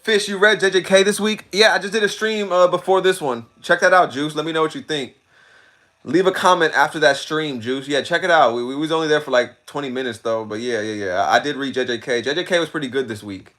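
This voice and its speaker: Here a man with a fairly high pitch and brisk delivery chats casually with viewers during a stream, reading out comments. He's lively and slangy, tends to repeat himself, and laughs a lot.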